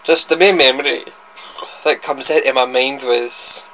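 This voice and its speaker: This Scottish-accented young man is a food vlogger from Scotland, chatting his way through a sweets tasting with plenty of rambling and self-correction. His mid-range voice stays steady and unhurried, with a pushed, bright quality. The recording is low quality.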